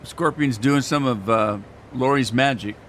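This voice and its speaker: An older man streams a farming game, rambling through casual gameplay commentary and poking fun at himself. His voice is medium-pitched and a little slow.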